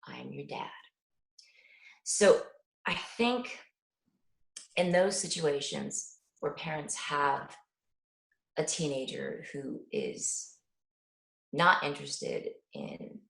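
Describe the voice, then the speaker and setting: A middle-aged mother, a parent guest, answers an interviewer in a deep, creaky voice at an extremely slow pace with long pauses. She tells stories earnestly and with animation, acting out little dialogues in quoted speech. The recording is low quality and reverberant.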